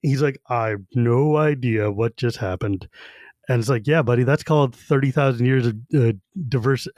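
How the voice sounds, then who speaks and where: A man co-hosting a podcast, recapping a book in casual chat and acting out the characters in quick quoted bits. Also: mid-range voice, a little mellow, no room sound. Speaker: podcast co-host.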